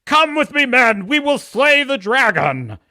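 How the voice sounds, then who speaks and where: A man's voice: very high-pitched, sing-song, unhurried, sharp tone, voice pushed up, heavily acted. A man putting on a pompous, foolish medieval king in an overblown, theatrical way.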